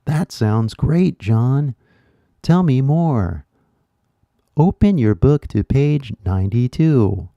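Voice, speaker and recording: A man voicing a stiff, droning male textbook teacher with slow, fake-sounding intonation. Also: medium pitch, expressive, dark tone, dry recording, dull audio. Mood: mock-earnest.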